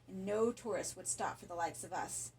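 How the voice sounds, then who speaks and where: A man's voice: high-pitched, normal speed, darkish tone, far from the mic, a little hiss or hum, lightly acted, rough recording. A woman reading the part of a blunt, tense young man in a horror audiobook.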